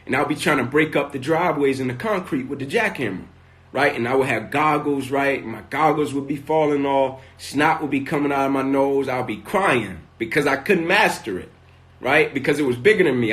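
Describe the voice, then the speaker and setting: A man's voice: mid-range voice, a bit bright. Man telling stories, "right?" after every line. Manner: tags nearly every sentence with "right?"; vivid storyteller, builds in intensity. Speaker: motivational speaker. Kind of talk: storytelling talk on a live stream. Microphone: phone.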